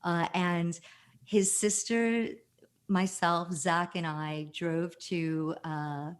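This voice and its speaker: A woman's voice: lowish voice, extremely slow, clear, resonant tone. Chatty woman in her fifties telling stories. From New Jersey. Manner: animated, chatty storyteller with many fillers. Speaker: podcast guest. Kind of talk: casual storytelling.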